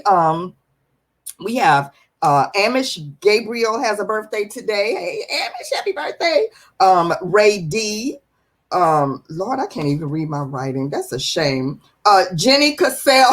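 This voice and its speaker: A woman hosting a live-stream show, lively and chatty, greeting viewers by name. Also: mid-range voice. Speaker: livestream host.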